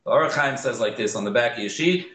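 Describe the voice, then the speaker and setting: A man teaching a Torah class, mixing Hebrew terms into English and growing animated on key points. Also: mid-range voice, fast talker, roomy sound, poor audio.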